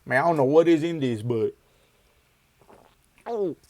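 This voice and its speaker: Joking young man over loud music. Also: on the high side, lively intonation, measured pace. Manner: joking, talks back to the screen, swears freely. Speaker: reaction video host. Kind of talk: casual reaction commentary. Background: loud song playing.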